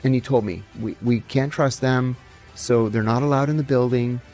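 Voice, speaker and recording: Man, middle-aged, gravelly voice, animated storyteller, acts out quotes, soft music behind. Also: medium pitch, moderate pace. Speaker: former intelligence officer, guest. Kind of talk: storytelling interview answers.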